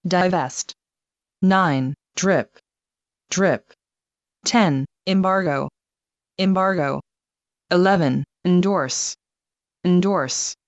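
Woman, vocabulary list reader, very slow, dull dry lo-fi sound. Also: fairly low pitch, no echo. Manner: measured, says each word twice, number first. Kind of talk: reading a numbered word list aloud. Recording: dull, slightly lo-fi dry recording.

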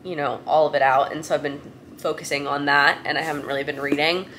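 A young woman vlogging casually from home, gushing and excitable, peppering her talk with "like". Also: low voice, quick pace, slight background noise. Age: young adult. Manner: gushing, excitable, heavy use of "like". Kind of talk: casual vlog chat. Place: her apartment at night.

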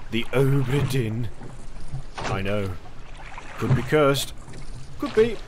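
A man's voice: medium pitch, big pitch swings, takes it slowly. Man doing a laconic boatman for a game, short clipped lines, noisy background.

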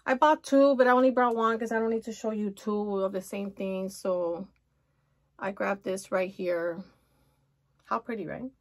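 Gushing, excitable woman vlogger. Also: medium pitch, moderate pace. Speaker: haul vlogger. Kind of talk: casual haul vlog chat.

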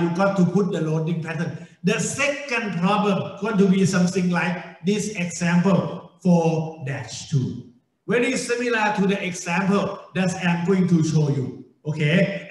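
A middle-aged man with a Thai accent, a native Thai speaker lecturing on engineering, slow and repetitive, with frequent okays and restarts. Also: high-pitched, echoey room, poor audio. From Thailand. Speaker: university lecturer.

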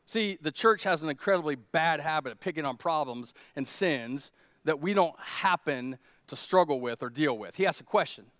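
A man's voice: fairly high pitch, lively intonation, moderate pace, fairly bright tone, dry recording. Male pastor, conversational storyteller with emphatic peaks; dry close mic, no room sound. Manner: storytelling, many restarts and fillers, building to emphatic peaks. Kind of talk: conversational sermon. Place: church.

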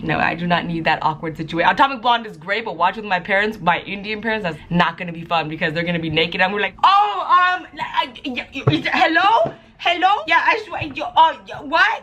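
A woman's voice: fairly low pitch, fairly bright tone. A young woman chatting casually in a daily vlog, jokey and emphatic. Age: young adult. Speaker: vlogger.

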